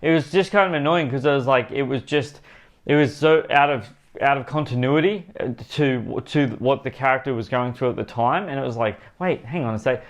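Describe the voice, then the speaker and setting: A man's voice: mid-range voice, brisk. Rambling, emphatic male movie reviewer. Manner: rambling and emphatic, repeating words and addressing viewers as "guys". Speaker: movie reviewer and channel host. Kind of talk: casual spoken movie review.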